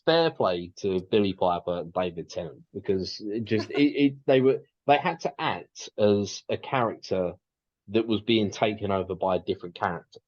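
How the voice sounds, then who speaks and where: A man's voice: fairly low pitch, lively intonation, moderate pace, a little mellow, muffled recording. A man co-hosting a podcast, chatting casually and rambling with lots of restarts and fillers. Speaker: podcast co-host.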